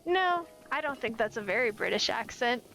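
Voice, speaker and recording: A woman's voice: on the high side, expressive, normal speed, a bit bright, soft background music, low-quality recording. A woman in her twenties from the United States, chatting casually and playfully while streaming a game. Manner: rambling, playful, self-commenting. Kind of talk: casual gameplay chat.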